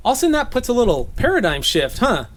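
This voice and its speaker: A man's voice: very high-pitched, huge pitch swings, racing, a bit bright. A man raised in Southern California giving an informal, conversational Bible teaching, laughing at his own jokes.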